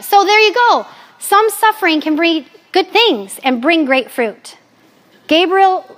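A Catholic speaker in her forties gives an audience a candid, animated talk about her personal faith, mixing in jokes. Her voice sits high.

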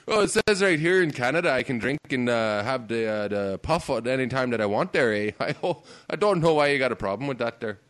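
A man's voice: mid-range voice, expressive, brisk, hardly any pauses, fairly bright tone, natural voice. A man putting on a folksy, cocky Newfoundland man with a put-on Newfoundland accent, tacking "eh" and "there" onto his lines. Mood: joking. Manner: drawling, ends lines with "eh" and "there".

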